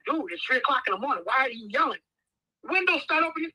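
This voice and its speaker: This American man in his 50s, a podcast guest, tells casual stories and acts out the voices in them animatedly. His extremely high, slightly rough voice moves fairly quickly with frequent pauses. The audio is poor, without echo.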